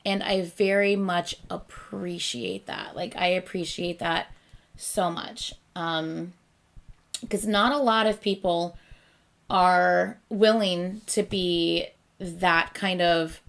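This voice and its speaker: A woman's voice: fairly low pitch, steady tone, takes it slowly, creaky. A woman hosting a reaction video, talking casually and rambling with lots of fillers, often laughing at herself. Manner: chatty, rambling with many fillers; self-deprecating, laughs often.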